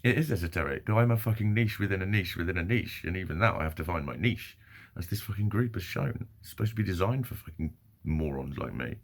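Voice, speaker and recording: A man talks straight to camera in a rambling, sweary, self-deprecating vlog. His voice is low and gravelly, with a husky, rough grain. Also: animated, fast talker. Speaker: vlogger. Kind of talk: casual monologue.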